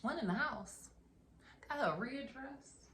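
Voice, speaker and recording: A woman's voice: high-pitched, unhurried, noisy background. Woman recapping a movie, lots of sound effects, echoey room. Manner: animated, acts out scenes with sound effects. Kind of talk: casual film recap. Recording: roomy echo.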